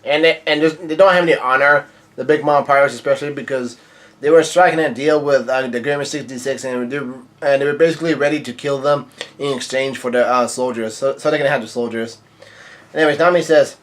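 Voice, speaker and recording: A man's voice: mid-range voice, steady tone, fairly quick, fairly bright tone. Rambling man recapping a comic. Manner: rambling, many fillers and restarts. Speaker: manga reviewer. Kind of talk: casual chapter recap.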